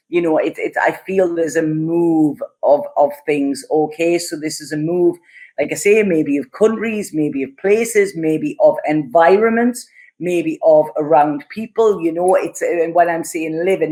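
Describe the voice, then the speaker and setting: A woman's voice: fairly low pitch, a little mellow. A woman giving an earnest, reassuring tarot love reading, often checking in with the listener. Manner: earnest, reassuring, many "okay?" and "you know" asides. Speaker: tarot reader.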